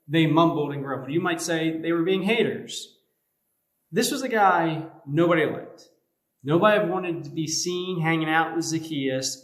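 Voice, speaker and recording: A man's voice: on the high side, fairly bright tone. Man preaching a casual youth sermon, echoey. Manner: casual, conversational preaching with modern comparisons. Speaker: youth pastor. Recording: echoey room.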